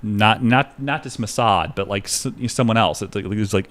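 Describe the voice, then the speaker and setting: Man, low voice, rambling live-stream chat, swears a lot, lots of fillers. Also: normal speed, hardly any pauses, a bit bright. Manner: rambling, profane, many fillers. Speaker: livestreamer trading stocks.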